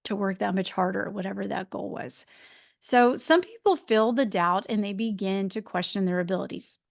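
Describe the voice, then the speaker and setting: A woman's voice: mid-range voice, a little mellow, no room sound, clean studio sound. A woman in her forties hosting a solo podcast, talking in a chatty, rambling way with many fillers and restarts. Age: 40s. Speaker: podcast host and life coach. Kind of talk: casual solo podcast talk.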